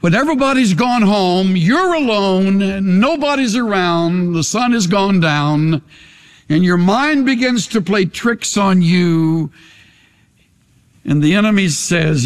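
A man's voice: high-pitched, lively intonation, smooth. Impassioned older man preaching, echoing hall. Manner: impassioned preaching with long pauses. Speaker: pastor. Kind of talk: sermon with altar call. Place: large church sanctuary. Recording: long hall reverb.

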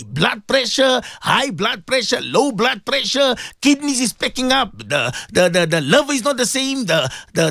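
A man preaching on a radio show, talking straight to his listeners, emphatic and repetitive, swinging between loud and soft with recurring refrains. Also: very high voice, no echo. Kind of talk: radio sermon addressed to listeners.

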